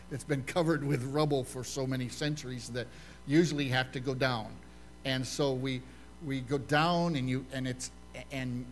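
A man's voice: mid-range voice, slight background noise. An older male pastor giving a conversational sermon in a church, often stopping to put questions to his listeners. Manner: quizzes the congregation with questions.

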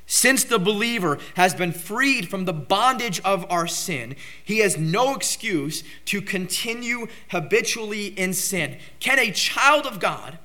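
A man preaching a sermon with emphatic delivery, surging into loud outbursts on key points. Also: high-pitched. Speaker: pastor.

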